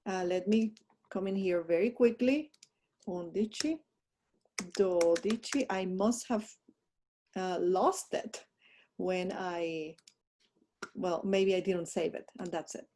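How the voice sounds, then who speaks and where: Mellow-voiced woman teaching a lesson. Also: fairly low pitch, slow pace, long pauses, slight background noise. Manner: talks through a screen while fumbling with her mouse, chatty asides. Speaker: language teacher. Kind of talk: recorded online lesson with slides.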